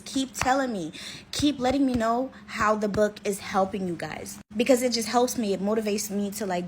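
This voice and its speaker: A woman's voice: mid-range voice, a little hiss or hum, rough recording. A woman storyteller and author chatting informally through a story time, calling her listeners "y'all".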